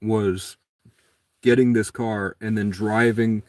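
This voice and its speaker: A man's voice: fairly even intonation, takes it slowly, a little mellow, dry recording. Man rambling through a story, dry sound. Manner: rambling, acts out quotes with raised pitch. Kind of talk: casual storytelling monologue.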